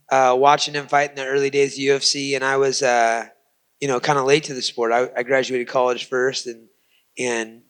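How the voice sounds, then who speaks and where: A man's voice: medium pitch, a bit bright, clear, resonant tone. A man answering on a fighters' panel, enthusiastic and loose, with filler words.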